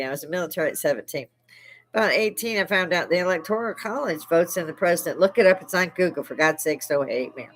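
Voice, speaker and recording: A woman's voice: lowish voice, fairly bright tone, poor audio. An older woman from Chicago hosting a casual live stream chat, salty and profane, laughing often between stories. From Chicago, United States. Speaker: live stream host, army veteran.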